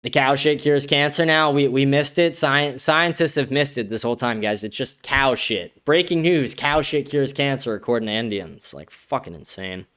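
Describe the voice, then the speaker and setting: Smooth-voiced blunt livestream host. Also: male voice, medium pitch, moderate pace, few pauses, a bit bright. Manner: blunt, profane, offhand. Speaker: show host. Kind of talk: casual livestream commentary reading chat comments.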